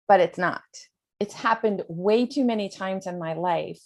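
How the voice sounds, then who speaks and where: An American woman coach talks earnestly over a video call. She rambles at times, with many fillers, in a mid-pitched voice. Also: unhurried, darkish tone. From United States. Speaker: spiritual coach, host. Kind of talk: spiritual talk on a video call.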